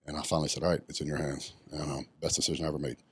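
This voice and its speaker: Racing along in an extremely low, husky voice with little pitch movement, this middle-aged former bodybuilder gives a casual podcast interview. He swears often, says um frequently, and speaks bluntly, captured in a dry recording.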